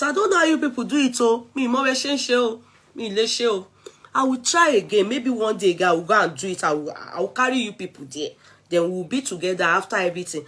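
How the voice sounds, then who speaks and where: A woman's voice: medium pitch, fairly bright tone, slightly rough. A woman from Nigeria with a Nigerian English accent, chatting casually on her vlog and mixing in Yoruba and pidgin. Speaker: vlogger. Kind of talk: casual chat.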